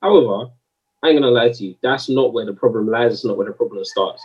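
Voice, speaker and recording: A man's voice: mid-range voice, quick pace, breathy edge, recorded from a distance, highs cut off. A man in a heated, slangy podcast discussion, arguing his point. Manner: animated, slangy, argumentative.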